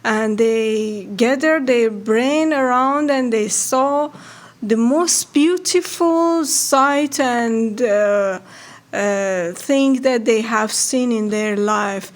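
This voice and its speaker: A woman tells a folk tale aloud for a radio audience in a slow, unhurried way. Her voice sits a little high, and she pauses and restarts often as she searches for words. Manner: slow, halting telling with many restarts. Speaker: storyteller.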